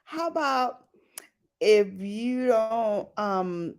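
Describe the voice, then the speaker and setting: A woman's voice: medium pitch, big pitch swings, slow pace, pauses often. A woman hosting a casual late-night livestream on her laptop mic. She laughs often and greets viewers by name. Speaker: livestream host.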